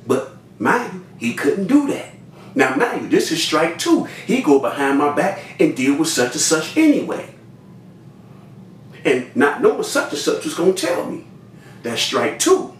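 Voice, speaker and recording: Lively man telling a story in a roomy space. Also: a little slow. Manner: talks straight to listeners, repeats cues to remember; acts out other people's lines with big pitch jumps. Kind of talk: animated spoken storytelling. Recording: roomy sound from a distant mic with faint noise.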